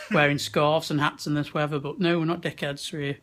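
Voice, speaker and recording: Speaking casually into a handheld camera at arm's length, a young vlogger from the West Midlands of England laughs and swears often at a wrestling venue. His voice is a little high, level, and fairly bright, delivered at a moderate pace.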